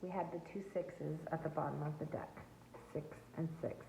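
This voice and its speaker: A low-pitched, creaky yet warm voice at normal speed and fairly even intonation belongs to a tarot reader addressing viewers from home near a backyard. She speaks earnestly and emphatically, like a spiritual coach. Slight background noise joins an echoey, tinny, phone-like sound.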